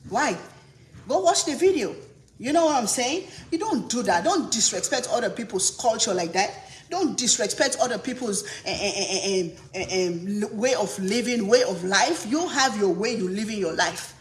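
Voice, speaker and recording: A woman's voice: mid-range voice, animated, normal speed. Woman host from Africa, indignant livestream rant, repeats for emphasis; echoey room, light noise. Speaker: cooking channel host on a live stream.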